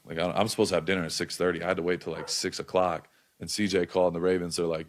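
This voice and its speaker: A young man in casual storytelling mode as a podcast guest, talking in an animated way, loose and full of slang and filler words. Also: low-pitched, fast.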